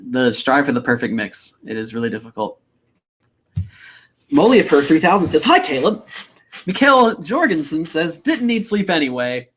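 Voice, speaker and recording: Young guy on a livestream, chatty, rambly, gravelly voice. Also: mid-range voice, a bit bright. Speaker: livestream host. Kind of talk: casual livestream chat reading comments.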